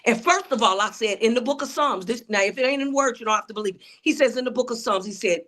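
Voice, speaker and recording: A woman's voice: on the high side, quick pace, hardly any pauses, fairly bright tone. Woman preaching her testimony. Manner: preachy, addresses audience as y'all. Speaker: author and preacher. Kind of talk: testimony-style interview talk.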